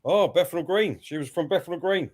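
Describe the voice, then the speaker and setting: A man's voice: a little high, normal speed. A man co-hosting a live football watchalong, reacting to the match and reading out viewers' messages. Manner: excitable over goals, reads viewers' messages. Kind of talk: casual live commentary and chat.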